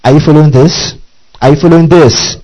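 Mellow-voiced man preaching a sermon. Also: fairly high pitch, steady tone. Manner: keeps checking in with the congregation; reads scripture slowly and deliberately. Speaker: pastor. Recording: dull lo-fi recording.

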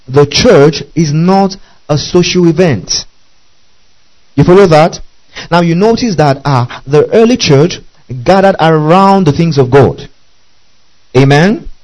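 Guy preaching, reads a verse then repeats the key bit, keeps saying okay and underline that, voice a bit high. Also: a little mellow, poor audio. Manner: checks in constantly with "okay?" and "underline that". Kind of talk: Bible teaching sermon.

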